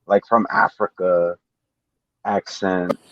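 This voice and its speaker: A man's voice: low voice, takes it slowly, no echo, dull audio. A man co-hosting a boxing talk show, chatting casually and restarting his sentences while he thinks. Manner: relaxed, trails off and repeats himself while thinking. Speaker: podcast co-host. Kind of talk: casual chat.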